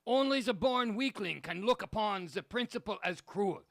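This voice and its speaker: A man's voice: very high voice, unhurried, vocal fry, bright, forceful tone, raised voice, pitched above the performer's own voice, full character voice. A man voicing a male dictator reading aloud in a bad German accent, stiff and bombastic. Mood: pompous.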